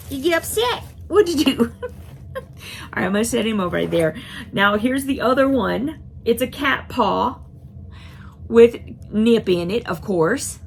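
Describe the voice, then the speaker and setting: A woman's voice: fairly high pitch, gravelly, a little hiss or hum. A woman unboxing a cat subscription box, gushing, giggling and baby-talking to her cats.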